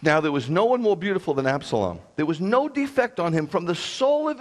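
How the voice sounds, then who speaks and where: A man's voice: high-pitched, sing-song, brisk, hardly any pauses. A man who is a rabbi, preaching a sermon in a blunt, combative way with sarcastic asides.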